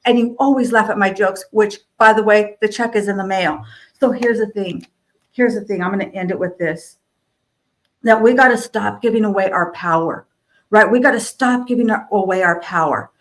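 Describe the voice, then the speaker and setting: A woman's voice: mid-range voice, normal speed. A woman speaking on a video call panel, giving a motivational talk and repeating lines for emphasis.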